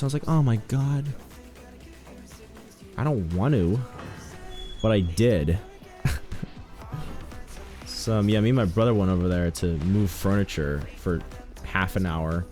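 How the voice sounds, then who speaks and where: A man's voice: lowish voice, normal speed, long pauses, faint music behind. A young man chatting casually while streaming a game, joking, rambling and telling stories to his chat. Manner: joking, rambling, animated storytelling.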